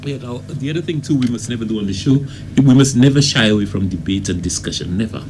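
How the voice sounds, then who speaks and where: A man co-hosting a morning radio talk show, speaking in a measured way and stressing discipline and focus. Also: medium pitch, darkish tone, slight background noise. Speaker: radio co-host.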